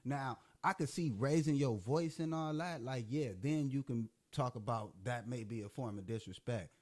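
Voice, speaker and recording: A man's voice: medium pitch, moderate pace, a little mellow. A man hosting a heated live debate, speaking bluntly and insistently with casual slang. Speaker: host.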